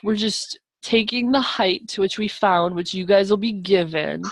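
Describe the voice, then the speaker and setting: A woman's voice: mid-range voice, normal speed, few pauses, no room sound. Upbeat woman teaching over a video call. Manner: upbeat and encouraging, chatty asides to students. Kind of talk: live online math lesson. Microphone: video call microphone.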